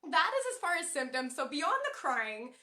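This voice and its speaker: A young woman chatting to camera in a casual vlog, telling stories with animated, emotional energy and acting out quotes. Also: sits high, normal speed, reverberant. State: pregnant. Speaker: vlogger.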